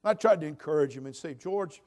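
A man in his sixties from California preaching a sermon, swinging between loud, emphatic build-ups and soft, low asides. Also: normal speed.

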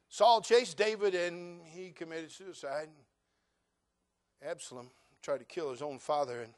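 A middle-aged male pastor preaching a sermon, folksy and joking, acting out dialogue and rising to loud, fervent passages. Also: fairly high pitch. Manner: animated preaching, acts out dialogue, rises to loud fervent climaxes.

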